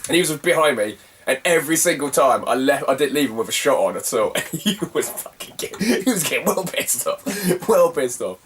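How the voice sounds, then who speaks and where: A man's voice: mid-range voice, big pitch swings, fairly quick, fairly bright tone, far from the mic, a little hiss or hum. A young man, telling a rambling, slangy story as a retro gaming vlogger and laughing often between phrases. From Cornwall, England. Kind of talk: casual rambling anecdote.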